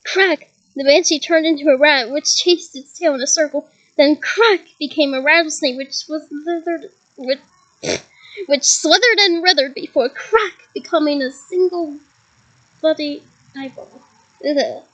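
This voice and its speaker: A woman reads a novel aloud to her listeners with a lively touch, chuckling now and then and adding side comments. Her voice sits high. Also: measured pace, lo-fi sound. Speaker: reader.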